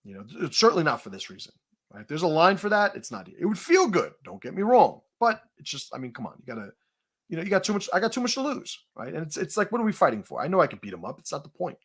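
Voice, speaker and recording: A man host telling a profane confrontation story in a casual, animated way, laughing at his own punchlines. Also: a little high, fast, breathy edge.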